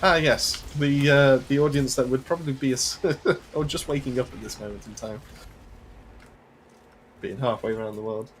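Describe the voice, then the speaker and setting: A man's voice: medium pitch, normal speed, a little hiss or hum. A young man co-hosting a game stream, joking casually and laughing often. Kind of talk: casual gameplay chat.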